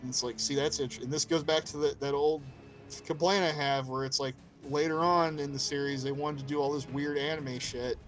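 A man co-hosting a casual podcast chat, excited and profane, laughing often. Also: fairly high pitch, a little fast, soft background music. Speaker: podcast co-host.

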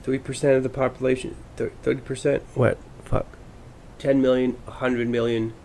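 A man's voice: medium pitch, little pitch movement, normal speed, creaky, dark tone, slight background noise. A man from the United States hosting a podcast, delivering a profane political rant that rambles and restarts often. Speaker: podcast host. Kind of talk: ranting political monologue.

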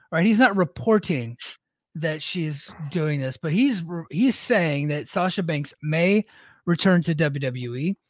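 A man's voice: fairly high pitch, no room sound, studio quality. Easygoing male podcast co-host. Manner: easygoing, agreeable, laughs often, many fillers. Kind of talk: casual wrestling talk.

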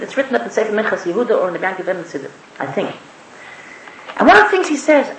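A woman's voice: fairly high pitch, creaky, fairly bright tone, slight background noise. A woman giving a spoken sermon, emphatic and repetitive, asking the listeners rhetorical questions. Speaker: speaker giving a religious talk. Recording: echoey room.

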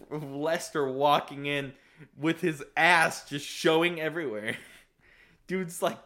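Young male podcast co-host, bright tone, rambling and animated. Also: on the high side, takes it slowly. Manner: rambling, animated retelling with laughs and restarts. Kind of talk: casual chat.

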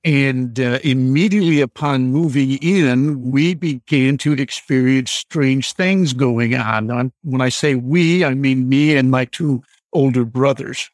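Calling in to a radio show, a Michigan man in his seventies tells a ghost story from his youth. He is slow and deliberate, pausing often with "uh." His mid-range voice is recorded dry and close, with no echo.

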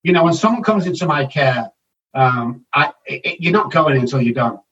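A man's voice: on the high side, animated, normal speed, fairly bright tone. Brief: older man, blunt and profane motivational guest, dull distant remote audio. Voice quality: blunt, swears freely, motivational. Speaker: addiction counselor and author, guest. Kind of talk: casual podcast interview.

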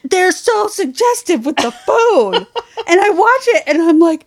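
A woman's voice: extremely high pitch, big pitch swings, measured pace. A woman co-hosting a podcast in casual chat, giggly and gushing, openly emotional as she talks. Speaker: podcast co-host.

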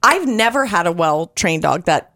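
Middle-aged woman, casual chat co-host, animated laughing storyteller, very lively pitch. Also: moderate pace, noisy background.

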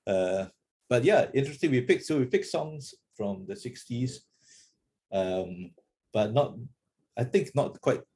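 A Singaporean man hosting a podcast, chatting casually with a halting, restarting delivery. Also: medium pitch, expressive, dark tone, slight background noise. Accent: Singaporean English. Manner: halting, many restarts and laughs. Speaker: podcast host. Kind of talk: casual chat.

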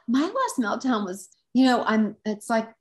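A woman's voice: fairly high pitch, big pitch swings, unhurried. A woman guest who teaches intuitive development, telling a story in an earnest, reflective casual chat.

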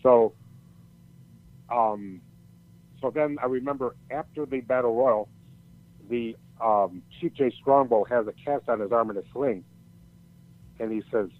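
A man's voice: medium pitch, unhurried, pauses often. Older man rambling through a story. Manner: rambling, profane, many restarts. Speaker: storyteller guest. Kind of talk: casual storytelling chat. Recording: tinny phone-like audio.

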